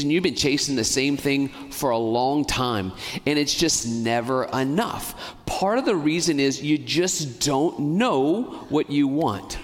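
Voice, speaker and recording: Earnest priest preaching in a reverberant church. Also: male voice, on the high side. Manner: earnest, pleading, speeds up and slows down. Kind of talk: sermon.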